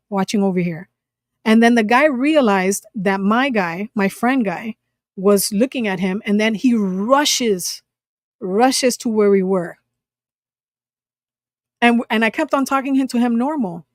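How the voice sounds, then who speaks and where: A woman's voice: mid-range voice, a little mellow, no echo, studio quality. A woman casually retelling a personal encounter, acting out the lines of the people in it, with lots of fillers, restarts and swearing. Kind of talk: casual storytelling.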